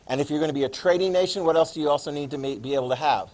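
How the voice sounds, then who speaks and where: A man in his fifties giving a classroom history lecture, lively and joking, acting out quotes. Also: fairly high pitch, very fast. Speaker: history teacher.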